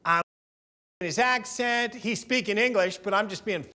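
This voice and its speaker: A man interviewed for a documentary, telling stories in a lively, profane way and acting out what others said. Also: high voice, normal speed. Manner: lively, profane storyteller who acts out quotes. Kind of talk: animated anecdote storytelling.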